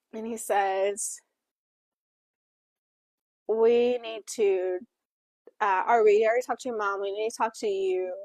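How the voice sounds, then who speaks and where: A woman co-hosting a book club, voicing for a Deaf co-host in a casual, animated plot summary full of fillers and acted-out quotes. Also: mid-range voice, no echo.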